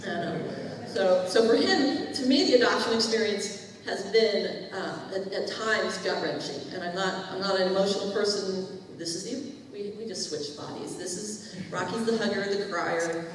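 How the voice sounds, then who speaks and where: A woman's voice: mid-range voice, moderate pace, slight background noise. Chatty woman in an echoey hall. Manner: chatty storytelling, acts out quoted dialogue. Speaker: church speaker. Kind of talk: testimony to a congregation. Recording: echoey hall, distant mic.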